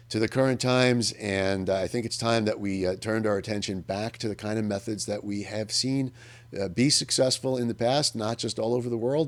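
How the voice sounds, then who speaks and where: Thinking aloud on air, this radio host, whose pitch is fairly low, keeps restarting his sentences during a public affairs commentary. The monologue is unscripted, earnest, and emphatic.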